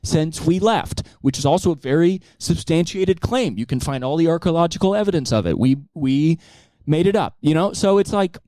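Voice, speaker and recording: A man's voice: on the high side, moderate pace, no room sound. A male comedian doing a profane stand-up monologue, jumping into acted-out voices. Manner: animated, profane, acts out many voices.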